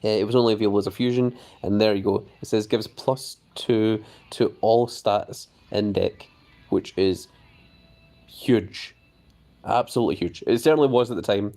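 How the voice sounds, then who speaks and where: A man's voice: on the low side, moderate pace, soft background music. A man hosting a casual live stream of a game, chatting about his cards and reading viewer messages aloud before answering them. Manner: easily excited, voice jumps up on greetings.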